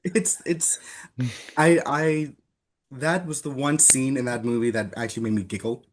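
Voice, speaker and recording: A man's voice: mid-range voice, steady tone, moderate pace, slight background noise. A man with a mid-range voice, guesting on a casual movie podcast. He tells stories with animation and laughs mid-sentence.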